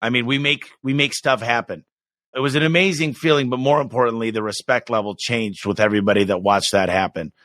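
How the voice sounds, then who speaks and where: He's a business owner from the US, speaking fairly quickly in a mid-range voice with no room sound. As a podcast guest, he shares stories energetically and with lively enthusiasm.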